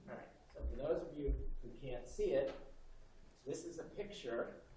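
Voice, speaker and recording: Guy giving informal halting remarks at a panel, noisy background, mid pitch. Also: lively intonation, warm tone. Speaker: speaker at a tribute event. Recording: clear background noise.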